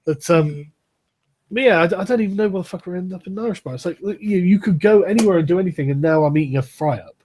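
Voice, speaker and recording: A man with a husky, slightly high voice chats sarcastically and swears freely. He tells his stories loosely, with repeats and restarts. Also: fast, darkish tone. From England. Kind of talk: casual chat.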